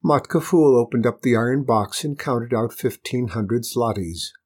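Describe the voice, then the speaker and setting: A man reading a children's storybook aloud with expressive, lilting narration. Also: medium pitch, normal speed, breathy edge.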